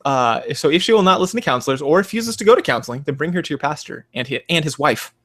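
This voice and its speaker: A man with a slightly high, fairly bright voice talks fast and animatedly while co-hosting a podcast where he advises parents. In this casual comedic commentary, he riffs sarcastically and swears as he mocks what he reads, often slipping into mocking voices.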